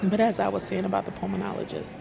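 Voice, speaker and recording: A woman vlogging from a hospital library, retelling a frustrating appointment in an animated, exasperated way and acting out the dialogue. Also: mid-range voice, fast talker, creaky, background noise. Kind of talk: storytime vlog. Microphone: self-filmed camera.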